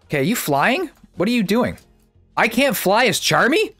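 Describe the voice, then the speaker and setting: A man giving casual, excitable gameplay commentary as a YouTuber, chatty and thinking out loud. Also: high-pitched, moderate pace, faint music behind.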